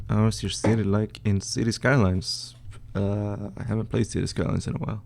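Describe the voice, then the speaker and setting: A young man from northern Sweden with a Swedish accent, casually reading out and answering chat questions on a live stream, with many fillers and pauses. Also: lowish voice, level tone, gravelly, a little mellow, slight background noise. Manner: laid-back, reads chat questions aloud, hesitant with fillers.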